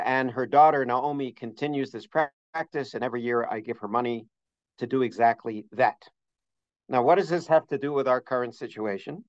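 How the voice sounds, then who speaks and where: In a dull, dry lo-fi recording with no room sound, a middle-aged man gives a scholarly holiday lesson as a religious teacher. He is earnest and detailed when citing sources, his mid-range voice punctuated by frequent uhs.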